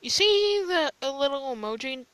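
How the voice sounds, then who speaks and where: A woman giving casual gameplay commentary, excitable, yelling taunts and giggling between lines. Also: high-pitched, normal speed, no room sound, rough recording. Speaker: gamer recording gameplay.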